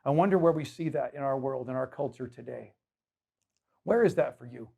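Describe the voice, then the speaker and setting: A man's voice: medium pitch, fairly quick, vocal fry, dark tone, husky. A man preaching a sermon as pastor, emphatic and conversational, putting rhetorical questions to his congregation.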